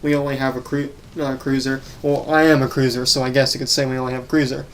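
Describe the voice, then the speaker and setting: A man talks through a replay of his own game in relaxed voice-over commentary, at a medium pitch. He often stops to correct himself and stumbles over words. A light hiss sits under the recording. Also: quick pace. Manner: casual, self-correcting, some stammering. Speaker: gaming channel host.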